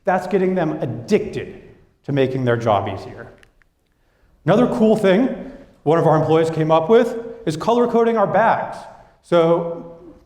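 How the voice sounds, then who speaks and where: Lively young man speaking in a hall. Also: a little high, unhurried, pauses often. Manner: lively storytelling, acting out quoted coworkers. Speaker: business speaker. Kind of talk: presentation to an audience. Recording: echoey hall.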